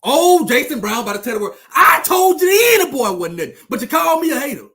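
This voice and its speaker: Fast and very animated, this man's very high voice comes out pushed and bright. He is a sports commentator on his own channel, firing off a profane, heated rant at viewers, full of taunts and repeated phrases for emphasis.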